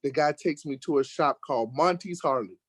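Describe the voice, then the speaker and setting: An American man telling a lively road-trip story in casual conversation, getting worked up when he acts out arguments. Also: on the high side, brisk, no echo. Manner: animated storyteller, rising sharply when acting out arguments. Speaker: guest telling a travel story. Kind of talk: casual storytelling in an online talk show.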